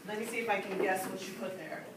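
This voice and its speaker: Distant teacher in an echoey classroom. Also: female voice, medium pitch, quick pace. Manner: instructive, calls on students and asks questions. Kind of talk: classroom grammar lesson. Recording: echoey classroom, distant mic, background noise.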